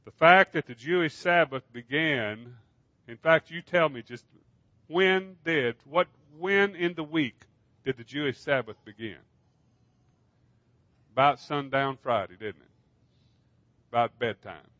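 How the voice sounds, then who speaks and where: A man's voice: fairly high pitch, unhurried, pauses often, bright, forceful tone, no echo, dull audio. A man preaching a sermon, earnestly asking his listeners questions. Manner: earnest, asks the congregation questions. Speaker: pastor.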